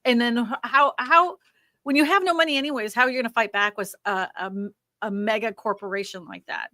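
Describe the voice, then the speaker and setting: Woman host, high bright voice, chatty explainer, dry close sound. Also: a little fast, no echo. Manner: chatty, explains with many asides. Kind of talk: casual livestream chat.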